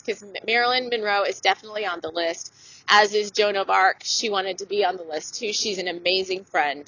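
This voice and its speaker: A woman's voice: medium pitch, fairly bright tone, dry recording, highs cut off. A woman hosting a solo spiritual talk show, speaking in an earnest, gushing, emotional way. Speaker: spiritual podcast host, channeler.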